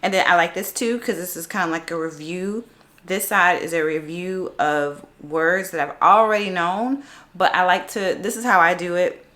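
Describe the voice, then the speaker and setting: Casual woman vlogger, lowish voice, chatty, talks through her practice out loud. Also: normal speed. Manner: chatty, self-narrating, sounding out words aloud. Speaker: vlogger learning French. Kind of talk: casual screen-recorded language vlog.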